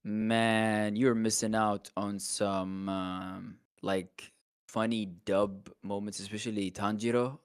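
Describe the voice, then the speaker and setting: A male streamer chatting casually with a friend, excitable and laughing often. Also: on the low side, slow pace, smooth. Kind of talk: casual chat.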